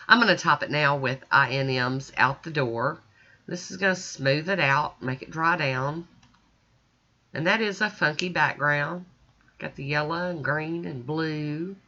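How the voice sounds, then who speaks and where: A chatty woman talks through her nail art in a folksy, self-deprecating way. Her voice is bright and forward. The recording sounds a little dull and lo-fi. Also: low voice, measured pace. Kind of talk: casual tutorial narration. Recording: slightly dull lo-fi audio.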